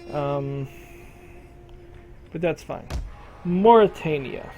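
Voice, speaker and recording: Slow, musing man with a higher voice. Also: warm tone, soft background music, low-quality recording. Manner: thinks aloud, addresses game regions directly. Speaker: gameplay commentator. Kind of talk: casual strategy game commentary.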